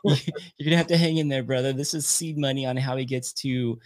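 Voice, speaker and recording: A man's voice: medium pitch, fairly even intonation, brisk, faint music behind. A man hosting a live show, chatting with viewers and laughing often. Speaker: host.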